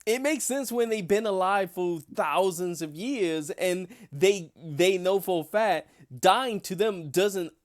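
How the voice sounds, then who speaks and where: A man's voice: high-pitched, takes it slowly, hardly any pauses. A man in a casual fan discussion, talking hesitantly with many fillers and restarts.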